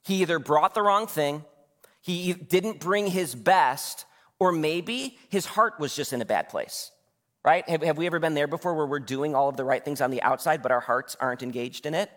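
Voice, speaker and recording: A pastor in his thirties preaches a sermon in a fairly high, slightly bright voice at a moderate pace. Conversational in style, he poses questions to the congregation and acts out quotes, with long reverb from the church hall.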